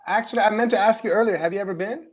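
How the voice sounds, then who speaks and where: A man's voice: high voice, very fast, breathy edge. A man interviewing a friend, asking questions in a friendly, casual way.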